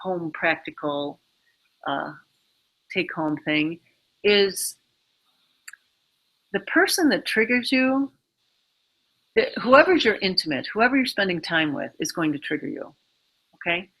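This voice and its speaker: A woman's voice: lowish voice, lively intonation, slow, pauses often, fairly bright tone, breathy edge, poor audio. A woman being interviewed, giving casual advice in a rambling way, full of fillers and little acted-out bits of inner dialogue. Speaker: interview guest.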